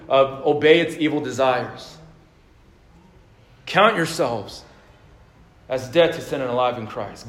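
A male pastor delivering a sermon, moving between fervent exhortation and calm storytelling, with frequent fillers and repeated words. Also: on the high side. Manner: rising fervor, then a calm storytelling tone.

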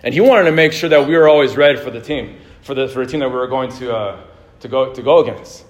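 A man's voice: medium pitch, fast, dull audio. Casual preaching man in his thirties. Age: 30s. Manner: casual, anecdotal, laughs easily, many restarts. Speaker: pastor. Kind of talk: conversational sermon.

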